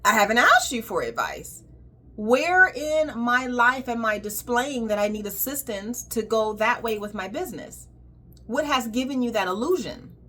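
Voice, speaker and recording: A woman's voice: fairly high pitch, animated, moderate pace, bright, forceful tone. Emphatic woman giving a frank talk. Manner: direct, emphatic, acts out quoted exchanges. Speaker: colon hydrotherapist hosting a talk. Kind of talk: casual monologue to camera.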